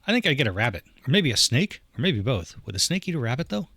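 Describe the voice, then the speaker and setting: A man voicing an excitable teenage girl who chatters eagerly to her father. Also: medium pitch, breathy edge, no room sound, studio quality, full character voice. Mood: excited. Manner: gushing, rapid-fire chatter.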